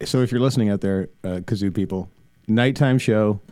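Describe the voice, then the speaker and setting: A man's voice: on the low side, brisk, dark tone, dry recording. A man hosting a podcast, interviewing a guest with playful, joking banter. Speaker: podcast host. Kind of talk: casual podcast chat.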